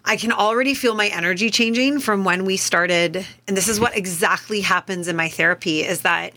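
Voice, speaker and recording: A woman's voice: mid-range voice, brisk, sharp tone. A woman in her thirties co-hosting a casual podcast, talking things through as a self-described verbal processor. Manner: talkative, reflective, verbal processor. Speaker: podcast co-host. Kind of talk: casual chat.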